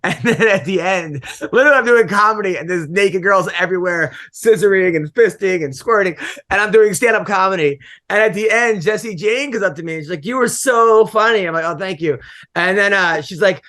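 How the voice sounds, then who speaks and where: Middle-aged comic host, high bright voice, rambling animated storyteller on a podcast. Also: male voice, a little fast. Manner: animated, rambling, laughs often. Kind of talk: casual podcast chat, storytelling.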